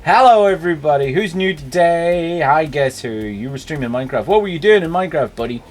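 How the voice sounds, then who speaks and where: A man's voice: fairly high pitch, animated, fairly quick. A man with a Northern Irish accent hosting a live stream, chatting casually and greeting viewers by name. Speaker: streamer host.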